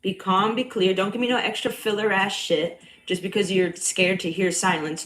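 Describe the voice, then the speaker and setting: A young woman with a slight Bronx accent who is a cycle coach, chatting casually on a livestream. Her voice is loud and a bit nasal, and she talks bluntly, swears freely and laughs often. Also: medium pitch, steady tone, moderate pace, hardly any pauses, low-quality recording. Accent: slight Bronx New York.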